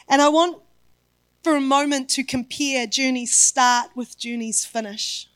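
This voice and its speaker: A woman's voice: sits high, steady tone, unhurried, a bit bright, clear, resonant tone, no room sound. A woman pastor preaching a sermon, emphatic and building her points through repetition.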